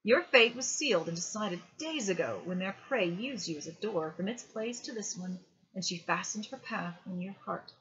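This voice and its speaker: A woman's voice: mid-range voice, expressive, normal speed, fairly bright tone, muffled recording, natural voice. A woman voicing a menacing dead man, an opal miner with a South African accent, who coaxes and threatens. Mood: cold. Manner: sneering, coaxing threats.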